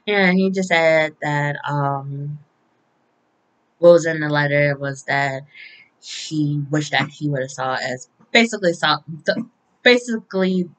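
A woman's voice: sits low, unhurried, rough recording. A woman casually recapping a week of soap opera episodes, chatty and often laughing, with occasional swearing.

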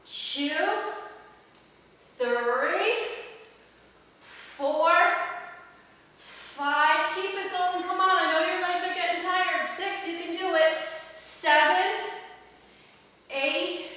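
A woman's voice: high voice, sharp tone, recorded from a distance. A woman fitness instructor leading a workout video, counting reps and cheering on her viewers, a little out of breath. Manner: upbeat encouraging counting of reps. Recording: echoey roomy sound from off-mic.

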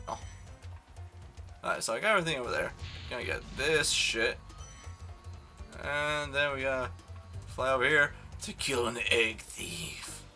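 Young man, bright voice, rambling let's play commentary, self-mocking, faint game music behind. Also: mid-range voice, expressive, unhurried, pauses often. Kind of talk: casual gameplay commentary.

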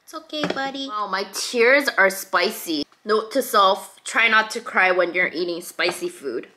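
A woman's voice: medium pitch, unhurried, bright, forceful tone. A young woman hosting a mukbang, chatting casually and confidingly to viewers while she eats, with frequent laughs. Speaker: mukbang host.

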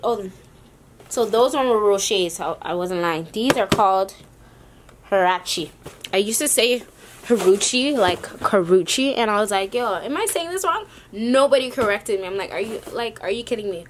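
A woman's voice: mid-range voice, expressive, normal speed, background noise. A woman vlogging a sneaker haul, rambling and casual with lots of slang. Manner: chatty, rambling, slangy ("yo", "y'all").

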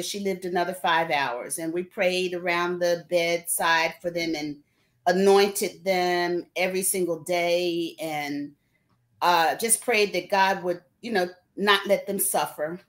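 A woman pastor, a guest on a talk show, telling her personal story in an earnest, reflective way. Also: on the low side. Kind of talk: interview, personal testimony.

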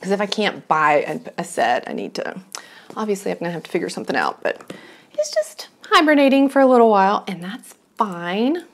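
A woman's voice: mid-range voice, very animated, fairly quick. A woman chatting casually to her own camera at home, rambling and self-deprecating as she shows her knitting projects. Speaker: knitting vlogger. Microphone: camera she is filming herself with.

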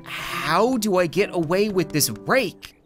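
Giggly, animated young man playing a game. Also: high-pitched, takes it slowly, soft background music. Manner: goofy, giggly, talks to game characters in mock-polite asides. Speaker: gameplay commentator. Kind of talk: playful let's-play commentary.

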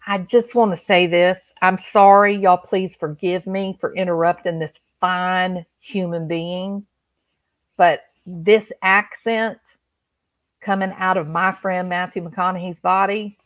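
A woman's voice: fairly low pitch, steady tone, slow, no echo, low-quality recording. A woman hosting a livestream, chatting and joking with her viewers. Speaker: livestream host. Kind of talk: casual chat.

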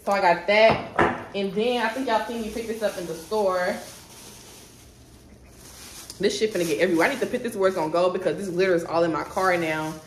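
A woman's voice: medium pitch, a little fast, pauses often. Young black woman rambling thru her haul at home, talks right to the camera, echoey room, lil hiss. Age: 20s. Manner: chatty, talks straight to viewers, sidetracked. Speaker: vlogger. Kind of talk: casual haul vlog. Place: at home, indoors. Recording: echoey room with faint noise.

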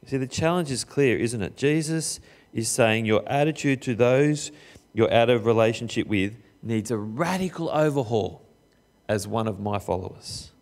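A middle-aged man preaching a sermon in a conversational way, putting questions straight to his listeners and sometimes slowing down for emphasis. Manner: lively swings of pitch, sometimes slow and emphatic. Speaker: pastor.

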